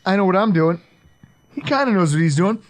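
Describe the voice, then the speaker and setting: A man from the Buffalo area co-hosting a podcast in casual chat, swearing freely and riffing with animated philosophizing. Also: high-pitched, brisk. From Buffalo area, New York. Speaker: podcast co-host.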